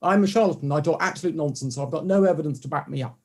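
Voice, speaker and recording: A man speaking with a fairly high voice, animated and conversational as he tells stories. He often slips into quick impressions of the people he describes. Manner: animated storytelling, acts out quoted voices. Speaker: guest, orthodontic clinician. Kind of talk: conversational interview.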